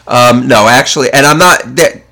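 A man hosting a casual podcast, chatting in a relaxed way and reading a recipe aloud. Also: medium pitch, moderate pace, gravelly. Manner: relaxed, chatty, self-correcting. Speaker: podcast host.

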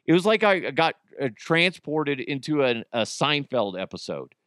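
A man's voice: on the high side, normal speed, no room sound, clean studio sound. A man in his thirties with an American accent, hosting a casual podcast and telling stories with acted-out quotes. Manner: animated storytelling, acts out quotes. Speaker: podcast host. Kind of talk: casual solo podcast chat.

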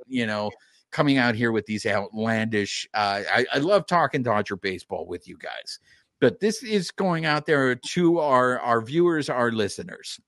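A man hosting a live sports podcast, talking straight to the fans in an animated way. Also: medium pitch, no echo, studio quality. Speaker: podcast host.

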